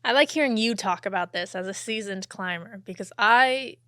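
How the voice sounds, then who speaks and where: A young woman hosting a podcast, chatting casually and laughing between phrases, her voice trailing off softly. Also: medium pitch, normal speed, no echo, studio quality. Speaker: podcast host. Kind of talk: casual interview talk.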